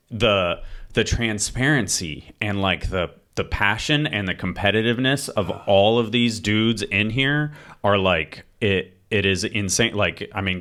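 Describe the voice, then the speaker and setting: A man's voice: fairly low pitch, a bit bright. A man hosting a studio chat, talking in a rambling way with many fillers. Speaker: podcast host. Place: podcast studio.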